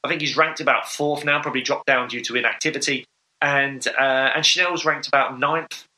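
A man's voice: mid-range voice, fairly even intonation, normal speed, sharp tone, rough recording. A man co-hosting a podcast, chatting casually and enthusiastically with lots of fillers. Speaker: podcast co-host. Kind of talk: casual sports chat.

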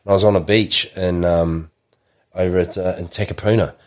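A man's voice: low voice, fairly even intonation, fairly quick. A man, telling a long personal story in casual chat, rambling with many restarts. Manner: rambling, restarts often, acts out quotes.

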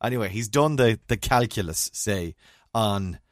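A man's voice: fairly low pitch, animated, unhurried, no room sound, studio quality. A middle-aged man co-hosting a podcast in casual chat, often restarting and searching for his words.

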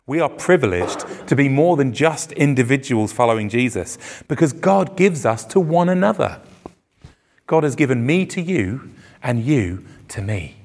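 In a church setting, a pastor gives an earnest, emphatic sermon to a live congregation through a microphone. His mid-range voice has a darkish tone and gravelly fry, with lively intonation at a moderate pace, rising on the words meant to land.

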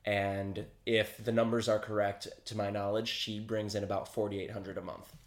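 A man talks casually as a podcast guest, his voice sitting a little low. He tells stories at an easy pace, with plenty of "uh" and "like" along the way. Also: little pitch movement, normal speed. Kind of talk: casual chat.

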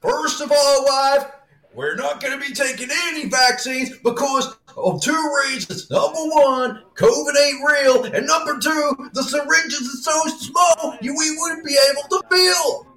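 A man voicing a loud, blustering male giant who rants and shouts in a comedic riff. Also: very high-pitched, a little slow, echoey room, recorded from a distance, faint music behind, voice pushed up, heavily acted. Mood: ranting. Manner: shouting, ranting.

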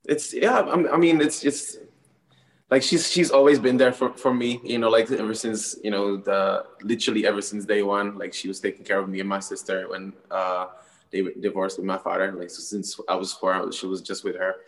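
A man from the with as his answers questions earnestly in English, rambling through many fillers. His voice is fairly low. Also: level tone, normal speed, poor audio. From Czech Republic. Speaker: guest singer. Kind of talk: interview answers.

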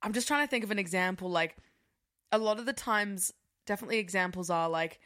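A young woman co-hosting a casual podcast chat, animated and laughing, with lots of fillers. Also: medium pitch, fast talker. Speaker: podcast co-host.

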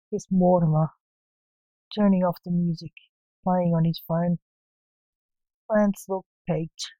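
A woman narrating a spooky fantasy story in a measured, even reading. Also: lowish voice, no echo, highs cut off.

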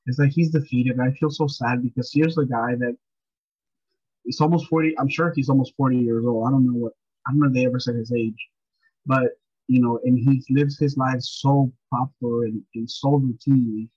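A man's voice: mid-range voice, fairly even intonation, moderate pace, darkish tone, husky, dry recording, lo-fi sound. A man guesting on a podcast, chatting casually about a movie in a rambling way, often saying "you know.". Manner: rambling, repeats words and restarts, says "you know" often. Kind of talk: casual movie review chat.

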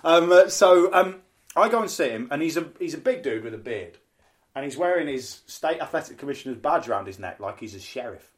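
A man's voice: on the high side, lively intonation, brisk. A man hosting a podcast, telling chatty, funny anecdotes and acting out the people he quotes. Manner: chatty anecdotes, acts out quoted voices, frequent "um". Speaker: podcast host, wrestling promoter and announcer. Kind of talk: casual podcast storytelling.

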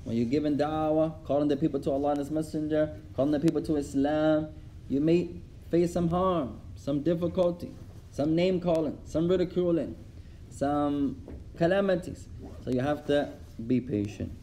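A man teaching a religious class, telling stories with animated delivery and repeating lines for emphasis. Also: on the high side, moderate pace, slight background noise. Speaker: Islamic studies teacher. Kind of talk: religious class lesson with storytelling.

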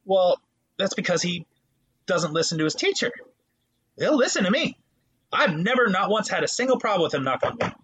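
Brief: young male co-host, husky, high-pitched and lively, big animated storytelling. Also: brisk, pauses often. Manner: animated storytelling, swears a lot, acts out voices. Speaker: podcast co-host, substitute teacher. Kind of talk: casual chat.

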